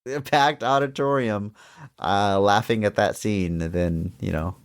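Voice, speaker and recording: A man's voice: on the low side, unhurried, smooth. A man in his thirties co-hosting a podcast, playfully telling an anecdote in casual chat. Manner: playful, echoes names for laughs, tells anecdotes. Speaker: podcast co-host.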